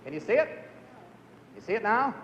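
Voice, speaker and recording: A man's voice: high-pitched, big pitch swings, fairly quick, a bit bright, slight background noise. A man hosting a live TV game show, chatty and jokey as he coaxes contestants through stunts. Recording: muffled 1950s TV broadcast audio.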